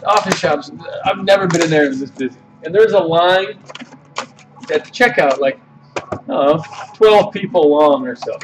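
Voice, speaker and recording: A man hosting a card break stream, telling a story in a casual, animated way, swearing freely. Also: high voice, distant mic, low-quality recording. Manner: animated, swearing, retells quotes in voices. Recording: off-mic voice with loud music. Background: music playing.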